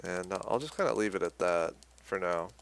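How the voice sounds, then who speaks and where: A man's voice: low-pitched, animated, fairly quick, gravelly, slight background noise. A young man giving a casual, rambling game tutorial, correcting himself as he goes. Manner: laid-back, rambling, self-correcting. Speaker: gaming tutorial host. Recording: loud game music behind the voice.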